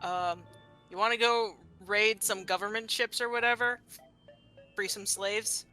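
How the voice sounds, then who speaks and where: Bright-voiced laughing young man. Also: high-pitched, a little slow, clear, resonant tone, faint music behind, low-quality recording. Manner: laughing often, excitable, swears freely. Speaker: player. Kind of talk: casual tabletop game chat.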